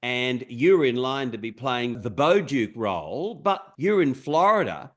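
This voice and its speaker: A man's voice: medium pitch, sing-song, a little slow. A male interviewer who asks leading questions with enthusiasm.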